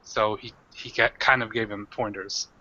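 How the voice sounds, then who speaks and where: A man's voice: lowish voice, steady tone, moderate pace, bright, forceful tone, dull audio, slight background noise. A man narrating as game master of a tabletop game, in a rambling way with many fillers.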